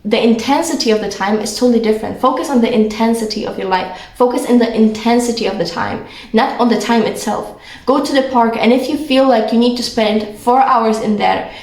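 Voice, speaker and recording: A woman's voice: a little high, darkish tone, reverberant. A young woman from Poland with a Polish accent, talking earnestly and rambling through a casual vlog monologue full of fillers. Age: young adult. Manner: earnest, rambling, filler-heavy, quick bursts. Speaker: vlogger.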